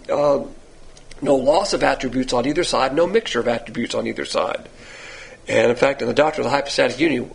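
Gravelly, husky male Bible teacher. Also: medium pitch, rough recording. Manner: lively, rising emphasis with rhetorical questions. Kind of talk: verse-by-verse sermon.

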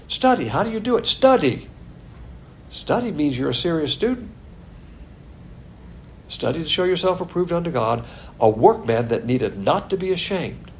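A man teaching a Bible class in a blunt, sarcastic way. His voice sits a little high for a man. A faint low rumble hums under the recording. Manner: blunt, sarcastic, chuckling asides. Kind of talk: sermon.

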